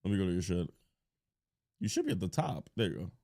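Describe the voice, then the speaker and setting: A man's voice: deep voice, huge pitch swings, fast talker, gravelly. Crude joking male streamer. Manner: crude joking banter with chat, playful sudden shouts. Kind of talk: casual live-stream chat.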